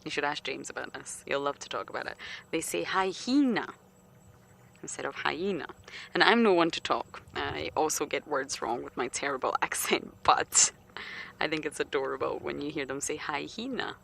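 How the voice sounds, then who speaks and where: A woman's voice: sits low, steady tone, brisk, vocal fry, fairly bright tone. A woman guiding a live safari broadcast outdoors, chatty and playful, often dropping to a whisper. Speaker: safari guide. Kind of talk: live game-drive commentary. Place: outdoors in the bush. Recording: faint outdoor noise on a live feed.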